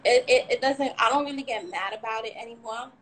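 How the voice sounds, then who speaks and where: Young woman, a little high-pitched, candid and rambling, personal story, faint hiss behind. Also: fast, low-quality recording. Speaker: shooting survivor sharing her story. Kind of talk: emotional personal account on a livestream.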